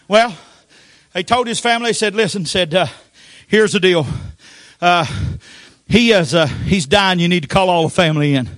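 An older man preaching a Pentecostal sermon, telling folksy stories with frequent amens and sudden shouted outbursts. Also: high voice, normal speed, no echo, clean studio sound.

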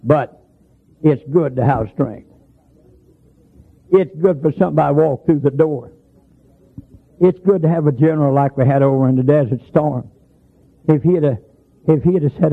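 Gravelly husky preacher man, folksy storytelling sermon, thin phone-ish sound. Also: fairly high pitch, moderate pace, pauses often, phone-quality sound. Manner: folksy storytelling, rising to emphatic hollers.

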